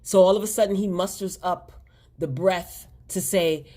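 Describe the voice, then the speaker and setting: Woman, slightly low voice, casual recap host, chatty, exasperated, talks to viewers. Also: steady tone, moderate pace, warm tone. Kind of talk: casual spoken episode review.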